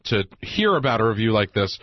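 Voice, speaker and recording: A man's voice: lowish voice, very animated, fairly quick, no room sound, highs cut off. A man co-hosting a casual radio talk show about restaurants, laid-back and dry.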